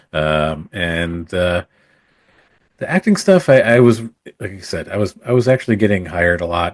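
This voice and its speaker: A podcast guest who is a photographer and former actor tells stories from his acting days in casual, rambling conversation full of fillers and restarts. His voice is low-pitched, and the recording is dry with clean studio sound.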